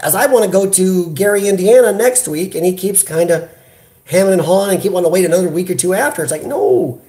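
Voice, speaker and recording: An American man hosts a casual live chat, animated and talkative as he answers his viewers. He talks straight into a computer webcam. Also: high-pitched, fast. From United States. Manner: animated, chatty, reads viewer comments aloud. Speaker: livestream host. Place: hospital room.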